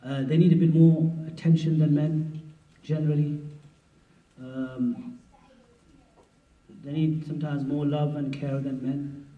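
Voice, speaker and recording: A man's voice: on the high side, flat delivery, unhurried, pauses often. A man, a mufti, giving a conversational, humorous workshop lecture on marriage, acting out what spouses say. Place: mosque hall at a conference. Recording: roomy hall, distant mic, dull sound.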